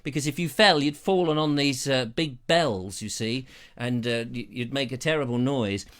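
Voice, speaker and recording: English male host, middle-aged, bright and lively storyteller, live-stream vlogger. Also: medium pitch, normal speed, clean tone. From England. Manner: animated, mimics bell sounds and voices. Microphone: lavalier.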